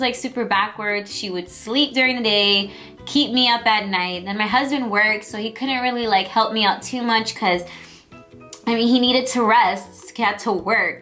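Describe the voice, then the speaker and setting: A young woman vlogger shares her birth story in a chatty, emotional way, full of filler words. Her medium-pitched voice is bright with a forceful tone, in the style of a personal storytelling vlog.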